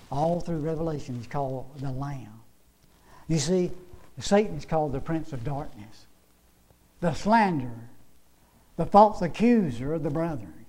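Give me a high-pitched male preacher, emphatic and folksy. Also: rough recording. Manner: emphatic, repetitive, folksy storytelling. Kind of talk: sermon.

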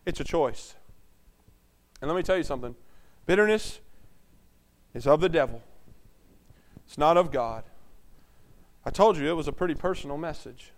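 A man preaching a sermon as pastor, swinging between hushed and loud delivery. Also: a little high, lively intonation, moderate pace, long pauses.

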